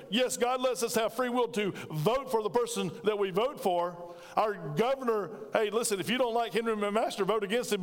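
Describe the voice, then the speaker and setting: A man delivers a sermon in a bright, high register, speaking plainly and with force. He calls out to the congregation and drives his points home. His voice carries a long reverb in a church hall. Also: a little fast. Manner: emphatic, conversational preaching with call-and-response to the congregation. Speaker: pastor. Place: church sanctuary.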